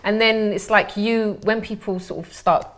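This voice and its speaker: A woman's voice: medium pitch, steady tone, normal speed, over a noisy crowd. A woman hosting a talk show, chatty and agreeable, adding her own thoughts in casual studio conversation. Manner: chatty, agreeable, fills with mm-hmm.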